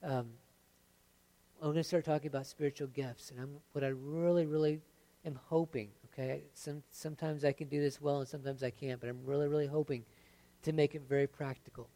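A man's voice: fairly high pitch, brisk. Conversational man preaching a sermon. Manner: conversational, frequent "right?" and "okay?" check-ins; animated, swings between lively emphasis and quiet earnest delivery. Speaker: pastor.

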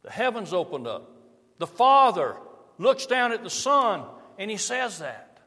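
A middle-aged man preaches with a lively, rising-and-falling delivery, his voice a little higher than most men's. He swings from full projection down to near-quiet, slow emphasis. The long reverb of a large hall trails every phrase. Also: slightly rough. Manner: varies loudness widely, drops to soft slow emphasis. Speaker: pastor. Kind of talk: sermon.

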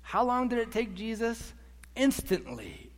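A man preaching a sermon as a pastor, animated, acting out quotes and repeating words as he goes. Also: very high-pitched, unhurried. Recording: echoey hall.

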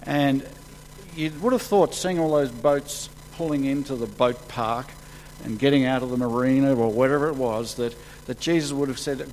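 A man preaching a sermon, acting out the quotes he reads with sudden rises in pitch and volume. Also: normal speed, slight background noise, low-quality recording. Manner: animated, acts out quotes with sudden jumps in pitch and loudness.

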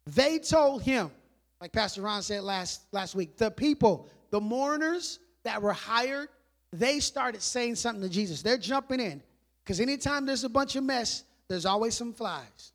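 A man preaching a sermon in a conversational style, asking rhetorical questions and dropping to quiet emphasis on key words. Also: extremely high pitch, lively intonation, normal speed. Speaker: pastor.

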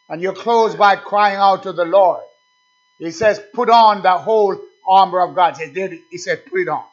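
A man's voice: high-pitched, moderate pace. A man preaching a sermon, emphatic and repetitive, calling out "amen" between points. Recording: dull lo-fi sound.

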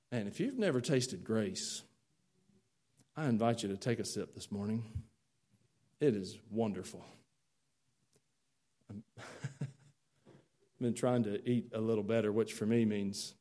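A man pastor preaching a sermon in a church, folksy and animated, swinging from loud urging to soft confiding. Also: on the low side. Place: church sanctuary.

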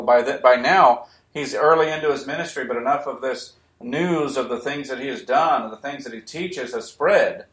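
In an echoey room, a pastor preaches a sermon in a fairly bright, medium-pitched voice. He's emphatic, repeating key phrases and sometimes raising his voice.

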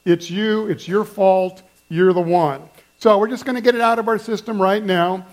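Male pastor, higher-pitched voice, easygoing sermon delivery with plenty of direct address to the room. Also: moderate pace. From German family background. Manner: conversational, playful, addresses the congregation directly.

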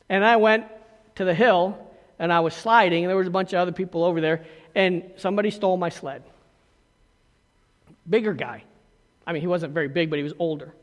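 A man's voice: sits high, fairly bright tone. A man preaching a sermon, telling a personal story in a conversational way and often checking in with the congregation. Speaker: pastor. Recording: long hall reverb.

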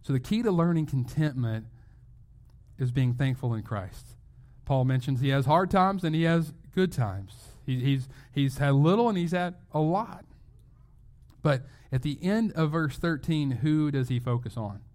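A man's voice: fairly high pitch, expressive, a little slow, a little mellow. A male pastor giving a sermon in a conversational way, asking rhetorical questions and restarting phrases as he goes.

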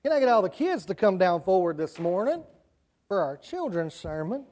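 A man's voice: high-pitched, big pitch swings, moderate pace, darkish tone. A man with a rural Southern country accent giving a children's sermon in church, chatty and asking the kids questions. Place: church sanctuary.

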